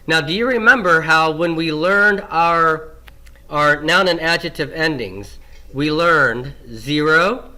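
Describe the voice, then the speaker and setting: Slow, bright-voiced man teaching grammar. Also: on the high side. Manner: asks questions and answers them himself, repeats key forms. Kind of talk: classroom lecture.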